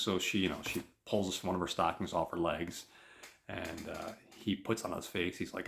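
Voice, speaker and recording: A man hosting a podcast, recapping a show in a loose, rambling way. His voice sits very low, and he keeps leaning on fillers as he retells the story in his own words. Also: steady tone, moderate pace, creaky, slight background noise. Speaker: podcast host. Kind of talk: casual episode recap.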